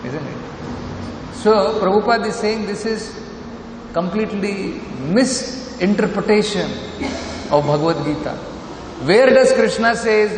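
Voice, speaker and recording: A man's voice: high voice, measured pace. Emphatic Indian man preaching in an echoey hall. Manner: emphatic, asks rhetorical questions and repeats points. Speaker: lecturer of scripture. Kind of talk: sermon. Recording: echoey hall with faint noise.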